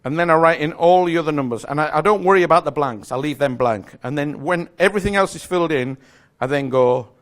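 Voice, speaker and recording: A man's voice: fairly high pitch, fast. A man giving a live magic lecture to an audience, explaining step by step in a chatty, self-correcting way with small jokes.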